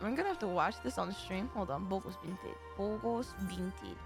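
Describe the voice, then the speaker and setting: A young woman streaming a game live, chatting casually with her viewers; giggly and animated, and she swears freely. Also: mid-range voice, moderate pace, vocal fry, music in the background.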